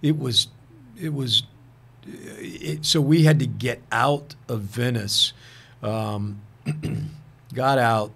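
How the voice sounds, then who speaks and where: A man, a guest actor, telling anecdotes in a casual interview, earnest and halting, restarting sentences and often saying "man". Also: medium pitch, creaky, a bit bright, husky. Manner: peppers speech with "man".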